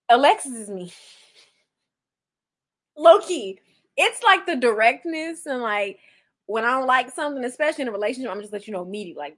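Lively, blunt young woman telling stories. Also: a little high, brisk. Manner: blunt, animated storytelling with lots of slang. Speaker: podcast co-host. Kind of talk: casual chat reacting to a reality show.

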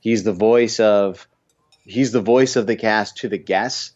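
Low-voiced man, dull lo-fi sound. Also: measured pace. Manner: relaxed, uses many fillers like "like". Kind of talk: casual chat.

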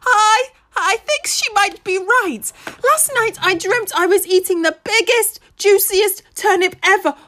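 A woman's voice: very high-pitched, moderate pace, few pauses, fairly bright tone, pitched above the performer's own voice. A woman voicing a tearful young pig. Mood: tearful, panicky. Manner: tearful, stammering, non-standard grammar. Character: young farmyard pig, frightened and guileless.

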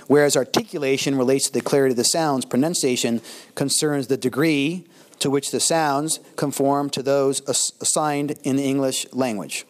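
Older man lecturing a class casually. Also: mid-range voice. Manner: conversational, with pauses and restarts, lively swings in loudness. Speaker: instructor.

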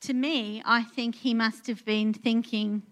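A woman's voice: on the high side, steady tone, unhurried. A woman, preaching a sermon in an earnest, conversational way with many fillers and restarts. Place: church in Portugal.

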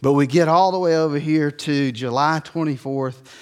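A middle-aged man preaching an expository sermon in a relaxed, conversational teaching manner. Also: fairly high pitch, moderate pace, clear, resonant tone, long reverb tail. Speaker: pastor.

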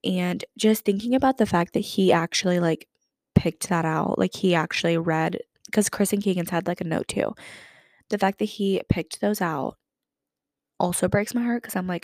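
Young woman, podcast host, casual chat, vocal fry, dry close sound. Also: fairly low pitch, normal speed, a little mellow, no room sound. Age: 20s. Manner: chatty, lots of "like" fillers. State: lingering cough.

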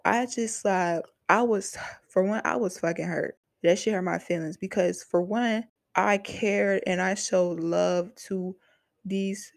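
A woman's voice: fairly low pitch, no echo. A young woman hosting a podcast, telling a personal story in a frank, heated way with a lot of swearing. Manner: heavy profanity, frank and heated venting. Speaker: podcast host. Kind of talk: casual storytelling monologue.

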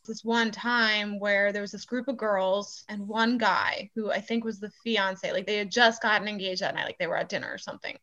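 A woman's voice: mid-range voice, moderate pace, hardly any pauses, muffled recording. A young woman who works as a bartender, chatting casually and telling a story, swearing freely and acting out the people in it. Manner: animated, swearing, acts out quoted voices loudly.

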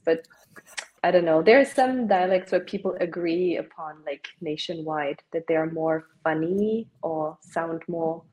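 A woman's voice: deep voice, measured pace, a little mellow, highs cut off. A woman from Germany, a guest on a podcast, explaining things in casual chat with short phrases and many "like"s.

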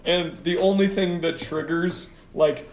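Chatty man with a higher voice. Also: steady tone, unhurried, roomy sound, background noise. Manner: chatty storyteller, laughs often. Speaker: podcast co-host. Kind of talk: casual chat.

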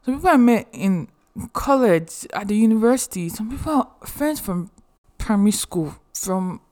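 A young woman talks straight to her listeners in a mid-pitched voice. She is chatty and expressive and slips humorous asides into her advice. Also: moderate pace. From Nigeria. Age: young adult. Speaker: podcast host. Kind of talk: casual advice monologue.

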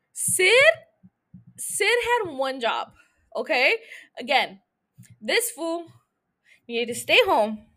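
A young woman with a high, bright voice talks into a podcast mic. Her recap is loose and chatty, full of swearing and jokes that she takes back right away. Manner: chatty, profane, jokey, self-interrupting. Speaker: podcast host. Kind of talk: casual episode recap chat.

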